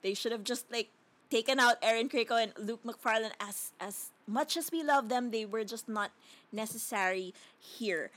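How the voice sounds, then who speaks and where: A woman's voice: on the high side, moderate pace, a bit bright. Laughing woman trashing a movie. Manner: laughing, scathing, rambling. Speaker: podcast co-host. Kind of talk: casual movie review chat.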